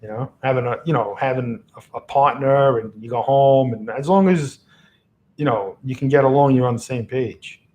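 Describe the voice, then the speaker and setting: A man's voice: mid-range voice, normal speed, a little mellow, lo-fi sound. A man chatting casually on a livestream from a room at home, rambling and chuckling often into a microphone. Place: home room lit by a lamp. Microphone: XLR microphone on a box.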